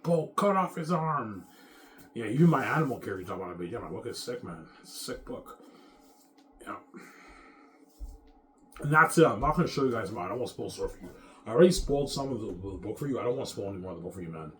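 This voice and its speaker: Fast-talking man in a profane rant. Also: fairly low pitch, animated, fairly bright tone, a little hiss or hum. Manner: rambling, profane, bitter ranting. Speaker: vlogger. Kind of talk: casual rant to camera.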